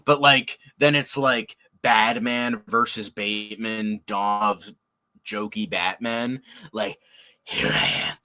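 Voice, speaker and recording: A man hosting a casual reaction show, excitable and rambling, swearing often and laughing. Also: fairly low pitch, takes it slowly. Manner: excitable, swears a lot, lots of filler words and laughs. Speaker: podcast host.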